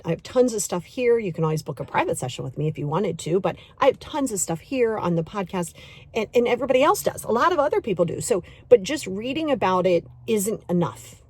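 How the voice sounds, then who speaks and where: A middle-aged woman hosting a podcast and giving a motivational self-help talk, emphatic and repetitive, coaxing the listener directly and acting out inner voices in quick asides. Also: on the low side, expressive, a little mellow, husky. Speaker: podcast host and self-love coach.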